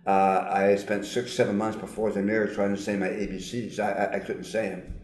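Brief: older man with lowish voice and slightly altered diction from surgery, earnest testimony, roomy echo. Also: little pitch movement, a little mellow. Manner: earnest, emphatic, with frequent pauses and fillers. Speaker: guest, psychologist. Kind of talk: personal testimony in an interview.

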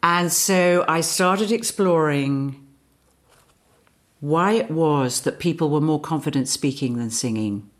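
A woman voice teacher giving a slow, deliberate, reflective workshop talk. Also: sits low.

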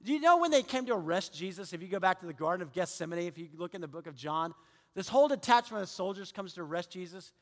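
A man preaching a sermon with animated delivery, acting out quoted people and dropping to hushed tones. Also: high voice, fast talker. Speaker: pastor. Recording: long hall reverb.

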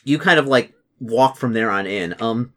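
A young man runs a tabletop game, his talk full of ums, likes and restarts as he feels his way through the scene. His pitch sits in an ordinary middle range, and he narrates in a loose, casual way. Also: normal speed, fairly bright tone. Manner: rambling, lots of fillers and restarts. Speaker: game master.

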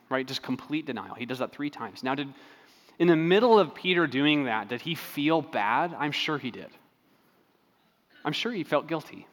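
A man preaching a sermon in a relaxed, conversational way, telling stories with frequent fillers and restarts. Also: medium pitch, moderate pace, in a large hall. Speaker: pastor.

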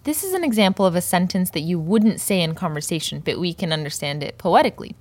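A woman teaching a language lesson, explaining a poem's words slowly and carefully and repeating each term for learners. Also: on the low side, lively intonation, a little mellow. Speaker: Persian language and poetry teacher.

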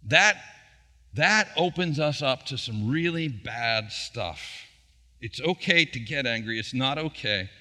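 Middle-aged male pastor, bright tense tone, conversational sermon, long church reverb. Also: medium pitch, expressive, slow. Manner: conversational preaching with rhetorical questions.

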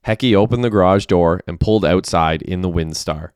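Male story narrator, low voice, clean dry read. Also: brisk, smooth, dry recording. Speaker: audiobook narrator. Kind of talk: scripted narration.

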